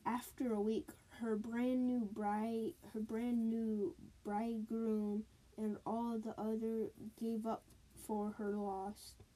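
A woman's voice: on the high side, level tone, slow, mellow, low-quality recording. A woman telling spooky folk tales aloud, with sound words and sing-song repeated lines. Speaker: storyteller. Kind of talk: spooky storytelling.

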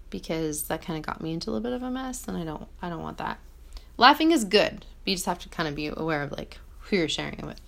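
Her voice sits on the low side, creaky yet a bit bright. She's a woman recording a vlog in her small apartment, musing casually and reflectively in a rambling way, saying "like" constantly and revising her words mid-thought.

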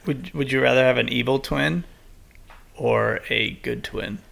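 A man co-hosting a podcast in casual chat, joking and quick to banter. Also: medium pitch, gravelly, fairly bright tone. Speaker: podcast co-host.

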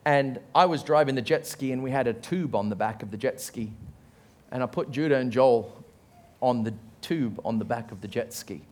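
An Australian-accented pastor preaches a sermon full of funny family stories, acting out the voices as he goes. His mid-range voice keeps a moderate pace. He tells stories with animation, delivers quotes in a raised voice, and laughs at his own self-mocking humor.

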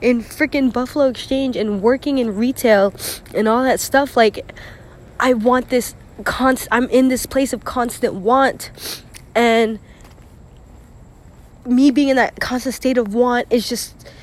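A young woman with a slightly high voice pours out her thoughts in a raw, unscripted monologue. She rambles, fills gaps with "like," swears freely, and breaks off into sighs and small nervous laughs. She sounds emotional and close to tears. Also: fairly even intonation, a little slow. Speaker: vlogger.

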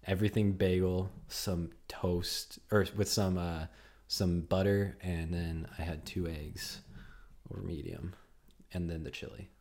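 Laid-back low-voiced man. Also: fairly even intonation, a little mellow. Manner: laid-back, rambling, drawn-out filler words. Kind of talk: casual chat.

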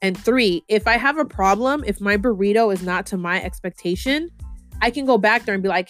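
A woman's voice: medium pitch, fast talker, a bit bright, soft background music. A woman hosting a podcast, giving casual marketing advice in a chatty, slangy way, often acting out example quotes. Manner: slangy and chatty, with many fillers like "like" and "you know"; acts out example quotes in the voices of customers and owners. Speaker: podcast host and marketing advisor.

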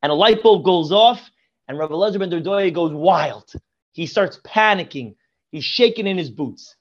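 Man, rabbi guest, high-pitched voice, effusive storyteller, dull lo-fi sound. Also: lively intonation, normal speed. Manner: effusive, repeats praise often. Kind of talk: Torah teaching and storytelling.

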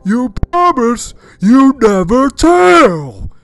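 Man voicing a gargoyle wife, drawn-out high wail. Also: big pitch swings, creaky, heavily acted. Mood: shrill. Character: wife turned female gargoyle, pleading then cold.

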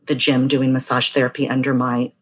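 A woman's voice: a bass voice, level tone, a little fast, slightly rough. A middle-aged woman, a massage therapist, telling a story in casual chat and acting out the voices of people she quotes. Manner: chatty, acts out quoted voices.

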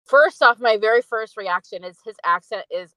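A woman's voice: a little high, normal speed, bright, forceful tone, dry recording, low-quality recording. Rambling young woman reviewing a film. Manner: rambling, fills speech with "like". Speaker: podcast co-host. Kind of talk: casual film review chat.

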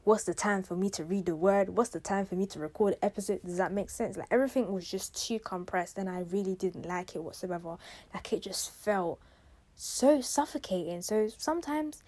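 A young woman, hosting a casual faith-based self-care podcast in an animated, slangy, emphatic way. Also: mid-range voice, normal speed. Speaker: podcast host.

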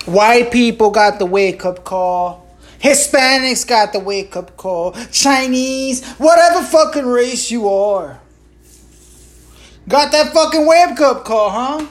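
Alone at her podcast mic, a host with a slightly raised pitch launches into an expressive solo rant. It's loose and profane, thick with sarcasm and rhetorical questions, and she keeps circling back with quick asides to the listener.

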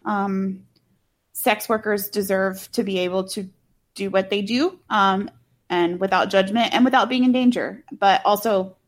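A woman's voice: mid-range voice, fairly even intonation, measured pace. A woman co-hosting a casual true-crime podcast, talking bluntly with swearing and lots of filler words. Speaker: podcast co-host.

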